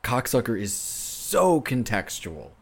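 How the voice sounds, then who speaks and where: A man's voice: mid-range voice, very animated, slow, creaky. A young man co-hosting a podcast, chatting casually in an easygoing, reasoned way. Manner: easygoing, reasoned, laughs along. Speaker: podcast co-host. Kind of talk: casual chat.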